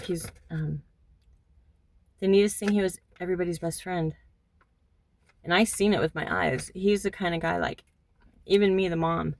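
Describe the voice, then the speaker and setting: A middle-aged woman speaks in a low, gravelly voice, halting and reflective, with frequent pauses and fillers. She records a personal monologue from her car, and a faint noise sits behind her. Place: in a hot car.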